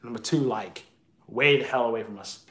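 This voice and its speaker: A man's voice: medium pitch, normal speed, fairly bright tone. Opinionated man hosting a live chat, echoey room. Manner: opinionated, argumentative, answers viewer comments. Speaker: live video chat host.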